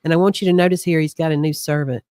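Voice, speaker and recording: A woman's voice: low-pitched, steady tone, rapid-fire, warm tone, dry recording, studio quality. A woman co-hosting a Bible study, reading scripture aloud with chatty asides between passages. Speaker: co-host of a Bible study show.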